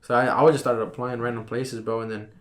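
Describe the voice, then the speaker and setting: A young man in his twenties telling a personal story in a casual podcast chat, relaxed and full of slang and fillers. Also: mid-range voice, quick pace. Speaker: podcast guest.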